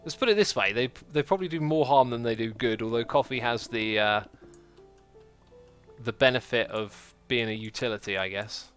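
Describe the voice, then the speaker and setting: With faint music in the background, a man speaks in a smooth, slightly bright mid-range voice at a moderate pace. Hosting a game stream, he keeps up casual chatter, reads comments from viewers aloud, and cracks self-deprecating jokes.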